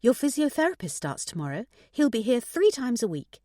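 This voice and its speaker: A woman voicing a gentle, caring adult daughter who looks after her father. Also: on the high side, sing-song, a little fast, no room sound, studio quality, voice pushed up.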